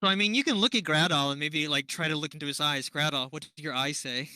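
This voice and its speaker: A man's voice: fairly high pitch, fast, pushed and bright, poor audio. A man running a tabletop game as game master, narrating the scene and thinking aloud, laughing often.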